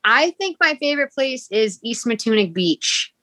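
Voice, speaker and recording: A woman's voice: a little high, sing-song, normal speed, bright, forceful tone, dry recording. A woman with a Rhode Island accent, chatting casually as a podcast guest with lots of "like" and rambling asides. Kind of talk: casual interview chat.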